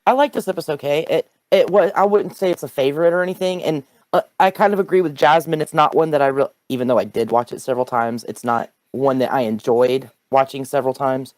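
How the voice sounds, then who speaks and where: A man's voice: a little high, fast, hardly any pauses, a little mellow, no echo, low-quality recording. A man talking as a podcast panelist, often stopping and restarting his phrases. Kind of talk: casual chat.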